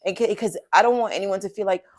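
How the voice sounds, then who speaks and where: A woman's voice: medium pitch, fast, darkish tone. A woman co-host giving earnest faith-based commentary, speaking straight to the audience in a teaching tone.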